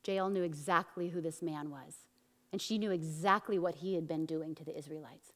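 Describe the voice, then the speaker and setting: A woman pastor preaching a sermon and telling a story, acting out the quotes with big swings from loud to soft. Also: on the low side, moderate pace, big-room sound. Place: church.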